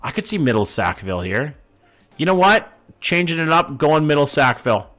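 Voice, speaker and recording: This thirtysomething streamer from Vancouver speaks at a moderate pace in a somewhat high, slightly bright voice, with faint music in the background. He swears offhandedly while chatting with viewers and guessing where he is.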